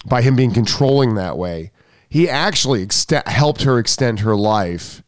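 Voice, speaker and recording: A man's voice: medium pitch, animated, measured pace, dry recording, studio quality. Rambling, joking male podcast host. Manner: rambling, joking, self-interrupting. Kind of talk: casual podcast chat.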